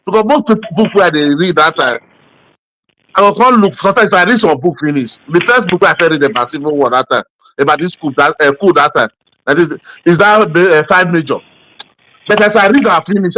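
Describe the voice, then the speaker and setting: A Nigerian-accented man talks politics in a loose, rambling way, one story spilling into the next with plenty of "uh" and "you understand". His voice is bright and forceful and sits a little high for a man. The sound is close and dry. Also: dry recording. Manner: rambling, animated storytelling with many fillers. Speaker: podcast co-host. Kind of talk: casual political chat.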